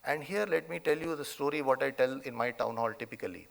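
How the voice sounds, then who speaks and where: A man's voice: mid-range voice, fast, creaky. A middle-aged man with an Indian accent giving a motivational convocation speech, emphatic, often adding "okay?" and "you know". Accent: Indian English. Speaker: convocation chief guest speaker. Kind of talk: motivational speech with a told story. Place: large convocation hall.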